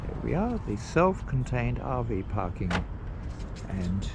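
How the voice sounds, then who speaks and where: Slow rambling man outdoors. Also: mid-range voice, big pitch swings. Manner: slow, rambling, pausing with fillers. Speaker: vlogger on a road trip. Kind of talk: casual travel narration. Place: outdoors at campsites and parks. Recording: noisy outdoor recording.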